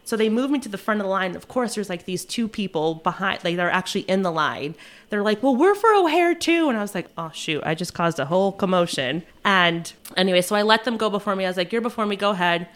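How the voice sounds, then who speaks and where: A young woman, a flight attendant, telling a rushed travel story in casual chat, acting out quotes and laughing often. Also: medium pitch, fairly bright tone.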